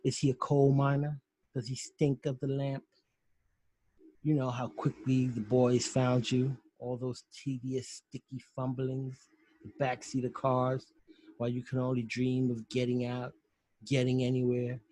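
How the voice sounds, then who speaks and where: A man reading the lines of a cultured, menacing male psychiatrist killer in a slow, taunting way over a video call. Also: medium pitch, completely flat delivery, dark tone, no echo, close to an everyday voice, rough recording.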